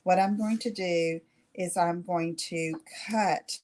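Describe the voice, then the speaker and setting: A woman's voice: lowish voice, steady tone, takes it slowly, a little mellow. A middle-aged woman hosting a live craft demonstration, chatting with viewers and checking in with "okay?" after each step. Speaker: craft tutorial host.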